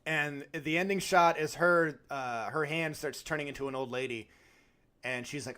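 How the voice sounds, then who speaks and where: A man co-hosting a podcast, retelling a film in casual chat with animated, acted-out quotes. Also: on the high side, a little fast, clear, resonant tone. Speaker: podcast co-host.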